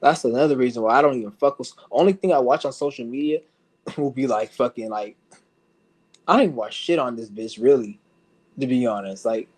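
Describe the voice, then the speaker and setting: Talking into a streaming mic, a man with a mid-range, slightly mellow voice delivers a blunt, foul-mouthed rant to his viewers. He laughs frequently throughout this casual to-camera rant.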